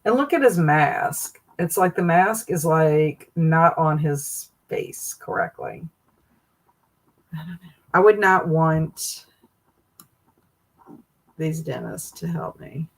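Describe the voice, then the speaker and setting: A woman's voice: sits low, expressive, takes it slowly, pauses often, poor audio. A woman hosting a casual livestream, reacting with amused, laughing commentary. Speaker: livestream host.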